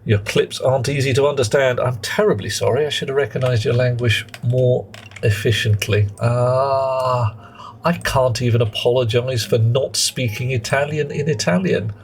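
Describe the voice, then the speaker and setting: A man's voice: mid-range voice, steady tone, moderate pace, a little hiss or hum. A British man chatting playfully with viewers while live-streaming a game and thinking aloud. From Britain. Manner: chatty and playful, greets chat, muses aloud. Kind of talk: live gameplay commentary.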